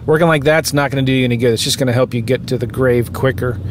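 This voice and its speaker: A man's voice: medium pitch, steady tone, fast talker, a little hiss or hum. A man giving a rambling, emphatic motivational talk to his viewers, with vehicle sound behind him. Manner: rambling, self-interrupting, emphatic. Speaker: real estate investing vlogger. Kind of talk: casual motivational talk to camera.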